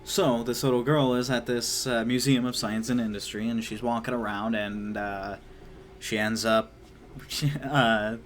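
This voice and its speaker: A man's voice: medium pitch, fairly even intonation, unhurried, slight background noise. A young man giving a casual spoken book review, chatty with lots of fillers, sometimes acting out characters in a raised voice.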